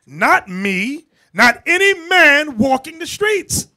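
A man preaching a fiery sermon, talking emphatically and shouting at times as he addresses the brothers. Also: very high voice, very animated, slow. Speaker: bishop preacher.

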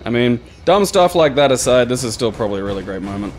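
A man chats loosely over gameplay, coaching his partner with tips and laughing often. His voice has an even, middling pitch. A faint noise sits under the recording. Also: fast. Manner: chatty, gives advice, laughs easily. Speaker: let's play co-host. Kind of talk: casual gameplay commentary.

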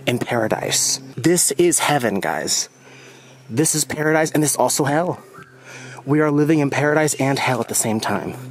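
A young man from the United States chatting excitably to his viewers while walking a rainforest trail at dusk, filmed on a handheld phone. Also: medium pitch, a little hiss or hum. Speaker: vlogger. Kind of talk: casual vlog walk-and-talk.

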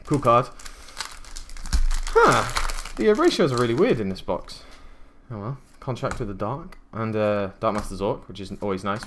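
A man's voice: mid-range voice, big pitch swings, normal speed, fairly bright tone, a little hiss or hum. A young man chatting casually as he opens card packs, musing aloud with many ums and uhs. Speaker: card-opening YouTuber. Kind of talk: casual unboxing commentary.

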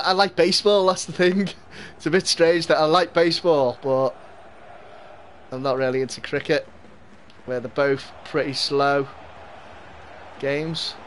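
A young man with a mild Liverpool accent and a slightly high voice talks casually to his viewers while playing. He laughs a lot and cheers on his team. A faint hiss sits under the recording. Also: a bit bright. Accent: Liverpool Scouse, mild. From Liverpool, England. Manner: chatty, laughs often, cheers at the game. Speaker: gaming streamer. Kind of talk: live gameplay commentary and chat with viewers.

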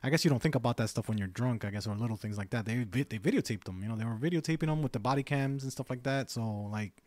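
Man, podcast co-host, mid-pitched voice, easygoing, hedging, dry close sound. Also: quick pace, a little mellow, dry recording. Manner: easygoing, agreeable, hedging with "you know" and "I guess". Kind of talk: casual podcast chat.

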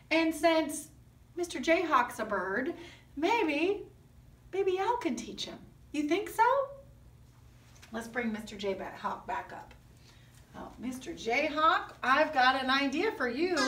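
A woman with a high, slightly bright voice runs an online music lesson with puppets for a kindergarten class. She coaxes the children with sing-song questions, and the distant mic makes the sound roomy.

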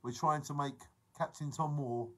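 A man hosts a casual live stream. His voice is bright and sits a touch high. He jokes around and calls out viewers' names as he chats. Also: fairly even intonation, moderate pace, low-quality recording. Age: 40s. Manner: chatty, jokey, reads out viewer names.

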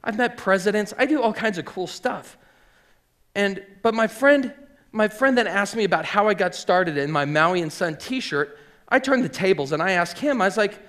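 Middle-aged man, casual storyteller on stage, slightly high voice, lots of ums and likes. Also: animated, moderate pace, fairly bright tone. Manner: chatty, filler-heavy, voices quoted people. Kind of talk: live personal storytelling. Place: theater stage.

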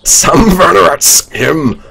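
A man doing a rough celebrity impression as a wise elderly monk in a video game, speaking slowly with a drawl. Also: fairly high pitch, bright, forceful tone, pitched above the performer's own voice, exaggerated voice, poor audio. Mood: grave.

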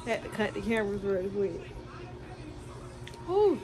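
A woman's voice: medium pitch, a little slow, crowd noise. A young woman and new mother chatting casually to her viewers in a slangy vlog, talking into a handheld phone at home. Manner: chatty, slangy, lively, addresses viewers as y'all. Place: at home, indoors. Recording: noisy home phone recording.

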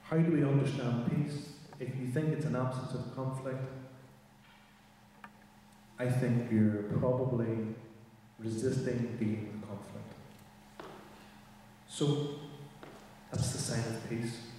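A man, a mediator giving a measured, thoughtful workshop talk and reading a poem aloud. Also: mid-range voice, steady tone, mellow, slight background noise. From Northern Ireland. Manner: measured, thoughtful, asks the audience questions. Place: large chapel. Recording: echoey chapel, mic far off.

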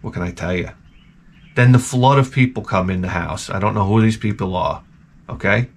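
A man hosting a video, telling a rambling, profane story full of restarts and acting out quoted people in a higher voice. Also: moderate pace, a little hiss or hum. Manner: jumps up in pitch to act out quoted people. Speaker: video host. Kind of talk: casual rambling anecdote.

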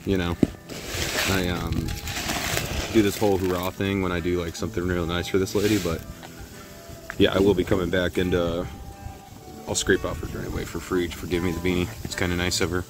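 A man's voice: low-pitched, little pitch movement, fairly quick, long pauses, over music. Rambling, cursing young man vlogging outside. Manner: rambling, profane, self-deprecating. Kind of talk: casual vlog.

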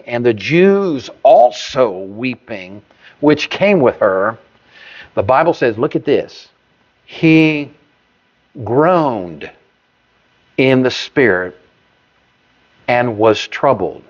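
A pastor preaching a sermon, stressing single words with sudden rises in pitch and volume. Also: male voice. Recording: dull lo-fi sermon recording.

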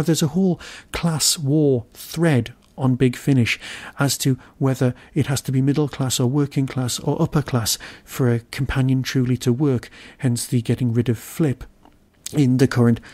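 A man's voice: mid-range voice, darkish tone. A man hosting a podcast, talking through a solo review in a wry, musing way and grumbling at himself now and then. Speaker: podcast host reviewing an episode.

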